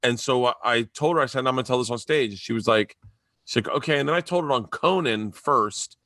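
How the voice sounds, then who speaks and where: A man's voice: fairly quick, no room sound. A middle-aged man, a guest comedian, telling stories in a casual chat and acting out the voices of the people in them. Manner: animated, acts out quoted voices with big pitch jumps.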